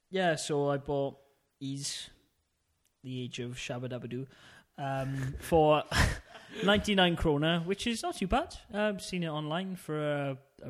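A man's voice: on the high side, normal speed. A man co-hosting a podcast, talking about games in a rambling, chatty way with lots of ums and laughs. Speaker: podcast co-host. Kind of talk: casual chat.

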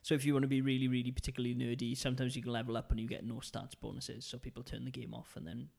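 A man's voice: mid-range voice, little pitch movement, racing, gravelly, a little mellow. A man with a Welsh accent, co-hosting a casual gaming podcast, rambling through stories. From Wales. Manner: rambling, chatty storytelling. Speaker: podcast co-host. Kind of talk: casual chat.

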